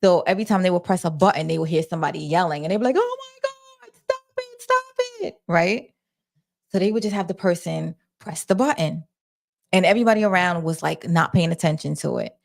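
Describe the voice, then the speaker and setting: A woman with a somewhat low voice hosts a casual livestream. She rambles through stories with plenty of fillers and talks straight to her viewers. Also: fast, gravelly. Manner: flustered while managing chat. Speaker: livestream host.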